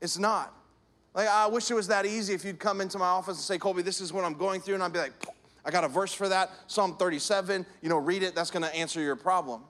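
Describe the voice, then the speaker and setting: A man's voice: sits high, steady tone, fast, a bit bright. A man preaching a sermon, talking conversationally and acting out little stories with gestures of voice. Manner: conversational preaching with acted-out anecdotes. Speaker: pastor.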